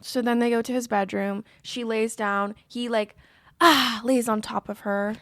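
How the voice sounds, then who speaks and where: A woman co-hosting a casual film-review podcast, retelling scenes in an emotional, expressive way and close to tears. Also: fairly high pitch, a little slow, dry recording. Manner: emotional, openly upset, near tears. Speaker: podcast co-host.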